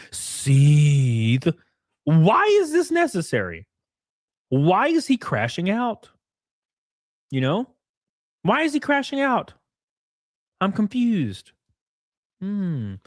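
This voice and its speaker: A man reacting on his stream in loose, mocking commentary, cursing freely and laughing often. His voice sits a little high and swings widely up and down. The sound is dry and close, with no room in it. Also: no room sound. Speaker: streamer host.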